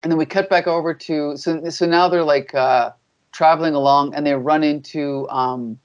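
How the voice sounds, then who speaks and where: A man co-hosting a casual podcast chat, recapping a comic in a halting way, with many fillers and "and then"s. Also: fairly high pitch, fairly even intonation, smooth, highs cut off. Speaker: podcast co-host.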